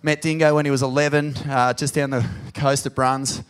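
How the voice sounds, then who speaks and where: A man with an Australian accent hosting a live podcast on stage in a pub, sweary and emotional, loud when he hypes up the crowd. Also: medium pitch, little pitch movement, normal speed, clear, resonant tone. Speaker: podcast host. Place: pub venue with live audience.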